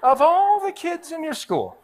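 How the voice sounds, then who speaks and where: A man in his forties, a pastor preaching a storytelling sermon, swinging between hushed asides and loud, excited bursts. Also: extremely high pitch, unhurried. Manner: animated, jumps between hushed and loud, acts out voices.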